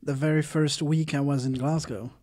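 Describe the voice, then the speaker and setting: A man's voice: a little high, steady tone, moderate pace, darkish tone. Rambling man searching for words. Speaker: podcast co-host. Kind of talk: casual chat over wine.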